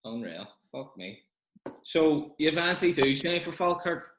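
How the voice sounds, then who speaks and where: A man's voice: on the high side, sing-song, moderate pace, a bit bright. A man hosting a podcast, reacting to a guest's stories with brief exclamations, often sweary, and short questions. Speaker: podcast host. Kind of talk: casual chat. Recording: roomy with faint noise.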